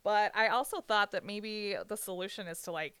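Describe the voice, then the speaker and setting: A woman's voice: medium pitch, fairly even intonation, moderate pace, fairly bright tone, smooth, dry recording. A young woman telling an emotional personal story in candid conversation, swearing freely and laughing through the pain.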